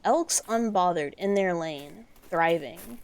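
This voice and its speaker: With a fairly low voice and a slow pace, a woman gives casual commentary while streaming a horror game. Her talk wanders, filled with fillers and the odd swear word, as she gets excited and curses freely, with slight background noise present.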